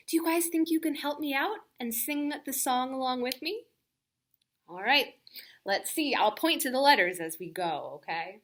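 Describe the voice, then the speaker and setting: A woman hosting a children's storytime at a library, reading aloud in an animated way and coaxing young listeners with questions. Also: on the high side.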